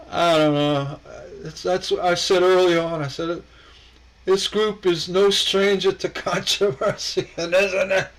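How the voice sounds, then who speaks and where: A man's voice: sits high, little pitch movement, unhurried, low-quality recording. A man hosting a casual stained glass livestream, rambling and chuckling as he reacts to viewers' posts, often stammering and repeating words.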